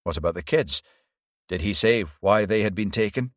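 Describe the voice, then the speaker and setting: A man reading a steady police detective in a low, calm voice that stays close to his own. The sound is dry and close-miked. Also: moderate pace, no room sound, natural voice.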